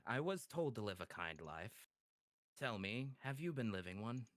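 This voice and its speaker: A courteous devilish gentleman, played by a man speaks low and unhurried, polite with an edge of menace. The sound is close and dry. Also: big pitch swings, dry recording. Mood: composed.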